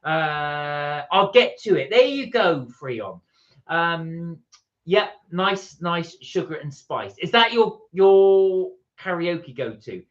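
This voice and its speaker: A man's voice: on the high side, big pitch swings, slow. Chatty man reading live chat. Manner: chatty, reads viewer comments aloud. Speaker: livestream co-host. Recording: dull lo-fi stream audio.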